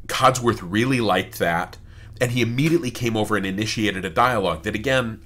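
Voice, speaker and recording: A man's voice: on the low side, sharp tone. A man giving rambling, joking let's-play commentary while playing, swearing casually. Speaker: gamer.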